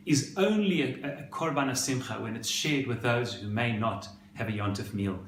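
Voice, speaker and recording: A male rabbi giving a sermon, telling a story in an expressive, dramatic way. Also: medium pitch, roomy sound, slight background noise.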